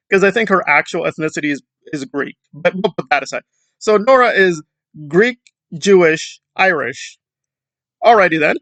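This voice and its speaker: A man's voice: fairly high pitch, lively intonation, moderate pace, creaky, a bit bright, no room sound. A man from Central America giving a rambling, sarcastic commentary monologue with mocking asides. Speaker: commentary YouTuber.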